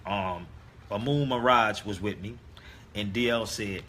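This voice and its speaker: A man's voice: on the low side, unhurried, a bit bright, slight background noise. A man telling a story in a casual monologue, emphatic and speaking straight to his listeners. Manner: emphatic, addresses listeners directly. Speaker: online talk host.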